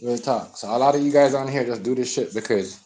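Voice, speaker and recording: A young man, live-streaming a heated, repetitive rant that swings from loud outbursts to low mutters. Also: fast talker, poor audio. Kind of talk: ranting live-stream commentary.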